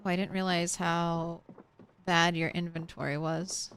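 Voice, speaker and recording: A woman's voice: on the low side, flat delivery, a little slow, fairly bright tone, slight background noise. A woman streamer in casual live-stream chat, talking straight to her viewers. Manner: chatty, talks straight to chat.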